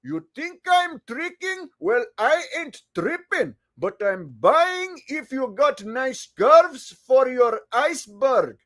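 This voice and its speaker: Man doing an Indian accent, loud deadpan delivery, lively pitch. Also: slow pace, hardly any pauses, full character voice. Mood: reciting. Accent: Indian, put on. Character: man reciting rap lyrics in a put-on Indian accent.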